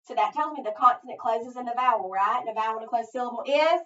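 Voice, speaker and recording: A woman teacher giving a phonics lesson, thinking aloud step by step and pausing so listeners can finish her sentences. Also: on the high side, pushed and bright. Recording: echoey, distant, dull sound.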